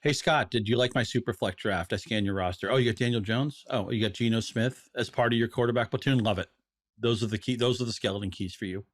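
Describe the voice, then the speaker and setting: A man's voice: medium pitch, fast talker. A man co-hosting a casual sports podcast, making his points with playful rhetorical questions. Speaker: podcast co-host. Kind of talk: casual fantasy football chat.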